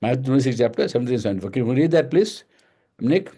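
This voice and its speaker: A man's voice: medium pitch, lively intonation, very fast, dark tone. A man leading a Bible study, explaining verses one at a time, repeating phrases and asking and answering his own questions.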